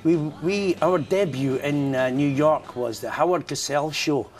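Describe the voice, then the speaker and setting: A man's voice: a little high, a little slow, a little hiss or hum. An older Scottish man, a musician guest telling jokey stories in a chatty morning interview. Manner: jokey, lively storyteller.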